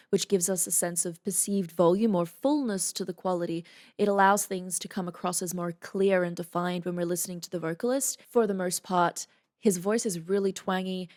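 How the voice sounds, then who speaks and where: A female voice coach offers casual reaction commentary at a medium pitch. She's friendly and breaks down vocal technique in analytical detail.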